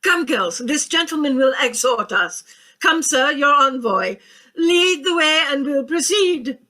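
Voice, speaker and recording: A woman's voice: high voice, expressive, unhurried, pushed and bright, exaggerated voice. A woman playing a pompous older aunt who mangles big words, speaking in an affected, grandly theatrical way. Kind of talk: stage comedy acting.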